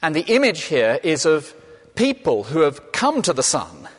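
A man's voice: fairly high pitch, wildly swooping pitch, moderate pace, husky. A man preaching a sermon in a conversational way, asking and answering his own questions. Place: church. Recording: long reverb of a large hall.

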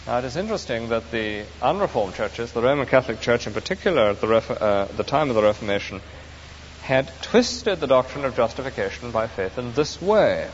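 A man's voice: medium pitch, lively intonation, fairly quick. A man preaching an earnest, emphatic sermon, explaining scripture to his congregation. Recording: dull echoey hall recording with faint hiss.

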